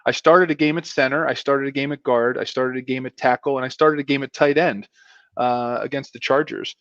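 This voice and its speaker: A middle-aged man, a former pro football player, telling stories in a casual, animated way and putting on voices for quotes. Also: medium pitch, fairly quick, no room sound, lo-fi sound. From Pennsylvania. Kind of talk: casual storytelling.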